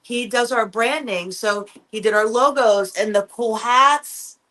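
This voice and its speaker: A woman guest chats on a podcast with a fairly high voice. She tells stories with excitement, swearing freely and acting out what people said. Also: a little slow. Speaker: guest effects artist. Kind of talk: casual chat.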